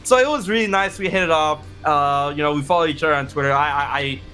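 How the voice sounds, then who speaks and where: Excitable male interview guest, animated storyteller, bright tone, a bit higher pitched. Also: faint music behind. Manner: animated, fast, many restarts and quoted exclamations. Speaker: interview guest, content creator.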